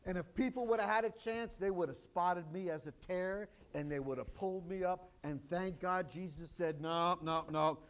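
A man's voice: high-pitched, moderate pace, few pauses. A pastor preaching a sermon, acting out scripture quotes and repeating his points for emphasis. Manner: dramatic, quotes scripture in acted voices.

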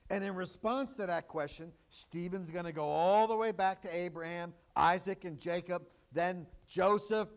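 High-voiced man preaching emphatically. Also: normal speed, hardly any pauses. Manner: emphatic preaching, rising to loud exclamations; conversational asides and rhetorical questions. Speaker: pastor. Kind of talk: sermon.

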